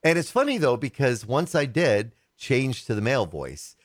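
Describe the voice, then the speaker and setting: A chatty male tech podcast co-host whose pitch swings up and down as he talks. He teases his partner and laughs easily. The sound is close and dry, with no room around it. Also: very animated, normal speed, no echo. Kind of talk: casual podcast chat.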